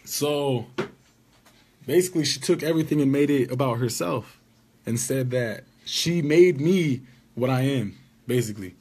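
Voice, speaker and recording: A man's voice: mid-range voice, normal speed, darkish tone, slightly rough. A man casually telling a rambling story about being wronged, with an indignant tone. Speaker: vlogger.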